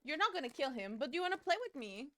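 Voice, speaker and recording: High, bright-voiced woman streamer. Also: sing-song, very fast. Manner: swearing, giggly, reading chat aloud. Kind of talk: casual chat with stream chat while gaming.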